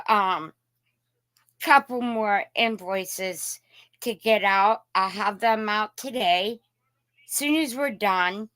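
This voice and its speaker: Slow-talking chatty woman with a bright voice. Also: medium pitch, no echo. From Indiana. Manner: chatty, folksy, greets viewers by name. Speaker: live stream host. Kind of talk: casual live chat with viewers.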